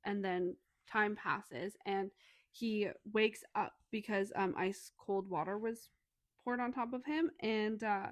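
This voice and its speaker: A woman co-hosting a casual book podcast, retelling a story's scenes with lots of swearing and quick acted-out dialogue. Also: mid-range voice, fairly even intonation, no room sound. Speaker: podcast co-host. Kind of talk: casual book review chat.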